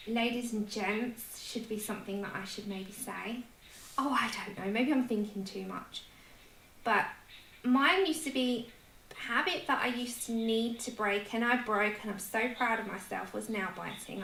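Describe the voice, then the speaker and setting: London woman hosting a colouring livestream, chatty and self-deprecating, bright voice, echoey room. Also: fairly high pitch, normal speed, vocal fry. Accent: London English. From London, England. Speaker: livestream host. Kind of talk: casual chat while colouring. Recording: echoey room with faint noise.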